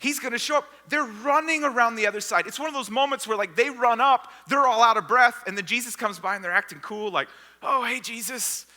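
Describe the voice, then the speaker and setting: A man preaching a sermon as pastor, retelling a story with lively acted-out voices for the people in it. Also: very high voice, fast, few pauses. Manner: storytelling, acting out the disciples and crowd. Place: church sanctuary. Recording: long hall reverb.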